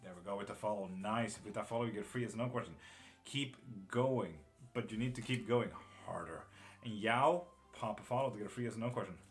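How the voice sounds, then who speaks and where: A man's voice: lowish voice, a little fast, soft background music. A man reading tarot live, chatting casually and bluntly with viewers, calling them by name and swearing now and then. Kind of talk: casual live-stream chat.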